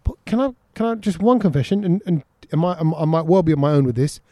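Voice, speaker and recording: A man's voice: fairly high pitch, quick pace, dark tone, no room sound, clean studio sound. A man hosting a casual chat show, telling self-mocking stories and often restarting his sentences. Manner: chatty, self-mocking storyteller, frequent restarts. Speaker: show host. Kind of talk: casual studio banter.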